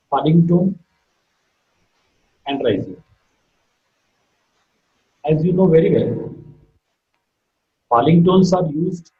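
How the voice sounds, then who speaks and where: Slow, deliberate lecturer. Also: male voice, fairly high pitch, mellow. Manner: deliberate, repeats key terms, spells out each point. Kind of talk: recorded online phonetics lecture. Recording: echoey room, dull lo-fi sound.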